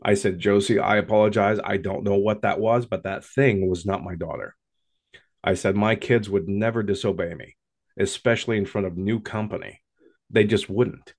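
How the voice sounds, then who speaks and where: A man slowly telling a first-person paranormal story in a hushed, dramatic way. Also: lowish voice, gravelly.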